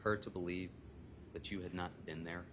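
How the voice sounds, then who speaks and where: A defense lawyer questioning a witness in a courtroom, taking him step by step through a series of exhibits. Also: male voice, low-pitched, flat delivery, normal speed, noisy background. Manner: methodical, reads texts aloud then asks for replies.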